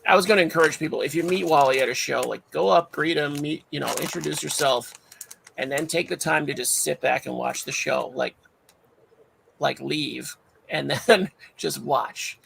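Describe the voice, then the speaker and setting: A man's voice: a little high, normal speed, a bit bright, slight background noise, poor audio. A man hosting a livestream, chatting casually and rambling with many fillers. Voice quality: gravelly, raspy voice. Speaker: livestream host. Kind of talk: casual chat.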